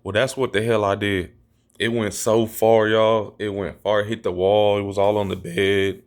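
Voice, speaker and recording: Man, low-ish voice, casual storyteller who keeps swearing it's true and jumps high to act out quotes. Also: normal speed. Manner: animated, acts out quotes in a raised voice; repeats himself, insists it is true.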